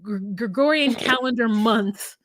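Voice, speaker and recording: A woman co-hosting a podcast in casual recap chat, an animated storyteller who laughs often. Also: on the high side, measured pace, slight background noise. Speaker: podcast co-host.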